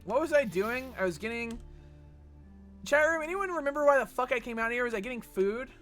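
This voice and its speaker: A man from Texas chats through a gaming livestream, his bright, edgy voice swinging up and down as he reads chat aloud and fires back profane jokes. Faint game music plays quietly behind him. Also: very high-pitched, expressive, brisk. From Texas, USA. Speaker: gaming streamer.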